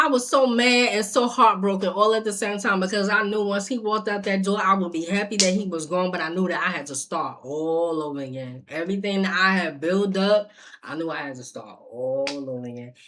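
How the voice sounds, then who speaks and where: Blunt, bright-voiced woman telling a story. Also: mid-range voice. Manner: blunt, profane, animated, addressing viewers directly. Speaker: storyteller vlogger. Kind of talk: casual storytime.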